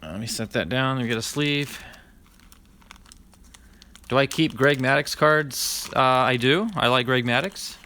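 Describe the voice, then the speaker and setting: A man with a mid-range, bright, forceful voice vlogs while opening a pack of cards, reading each name aloud in a chatty running list. He speaks unhurriedly, pauses often, and addresses live viewers by name, with slight background noise behind him.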